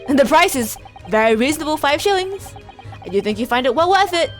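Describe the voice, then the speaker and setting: A woman's voice: high-pitched, animated, brisk, faint music behind. A woman voicing a pushy museum proprietor in a game, reading in a salesy, wheedling way.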